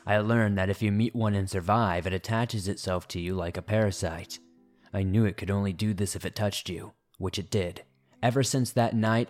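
A man narrates horror stories in a steady, low-key read. His voice sits on the lower side.

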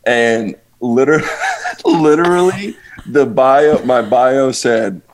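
A man's voice: medium pitch, big pitch swings, slow, noisy background. A man talking as a podcast guest in casual chat, often laughing and rambling with lots of restarts. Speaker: guest drummer.

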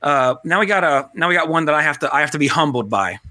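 A man's voice: on the high side, expressive, quick pace, sharp tone, dry recording. A man hosting a podcast in casual, rambling chat, joking at his own expense. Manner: rambling, self-deprecating, joking. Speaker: podcast host.

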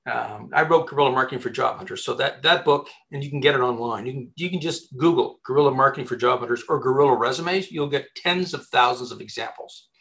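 A man, a headhunter, giving job-hunting advice in a casual interview, talking in an animated way with many restarts. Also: mid-range voice, fast, creaky, few pauses. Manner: animated, chatty, many restarts and repeated words.

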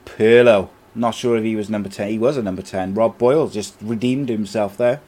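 A man's voice: fairly low pitch, fairly even intonation, brisk, mellow. A man hosting a podcast, chatting casually about football and reading out listener comments. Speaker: podcast host.

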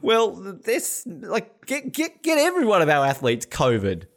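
Aussie guy hosting a chat, fairly high voice, gets loud and swears a lot. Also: normal speed. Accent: Australian. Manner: excitable, swears, bursts into shouts and laughter. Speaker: podcast host. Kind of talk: excited casual chat. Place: hotel room.

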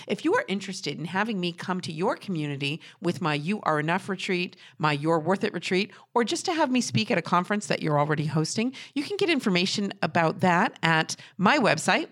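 A middle-aged woman from New Hampshire hosting a podcast, talking casually and warmly with many fillers and restarts. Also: low-pitched. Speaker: podcast host.

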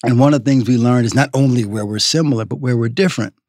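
A man from the Southern United States, a writer and food critic, talking as a podcast guest in an animated, storytelling way. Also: medium pitch, fast, no echo, clean studio sound. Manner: animated storyteller, acts out quotes. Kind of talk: interview conversation.

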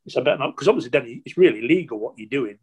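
An older man looks back on his football career for an interviewer. He tells it in long, rambling anecdotes, stopping and restarting, and slips into other people's quoted lines. His pitch sits in the middle range for a man. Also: expressive, racing, husky. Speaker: former footballer. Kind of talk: interview storytelling.

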